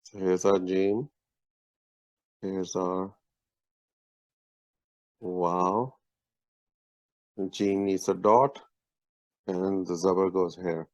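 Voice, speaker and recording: A man's voice: deep voice, level tone, very slow, long pauses, no echo, dull audio. A man teaching a language lesson over a video call, explaining letters patiently and methodically. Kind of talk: online lesson explaining script.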